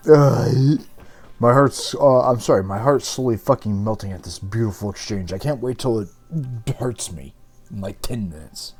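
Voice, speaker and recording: A man streaming a game playthrough, joking and swearing in an expressive way. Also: on the low side, normal speed, slightly rough, faint music behind.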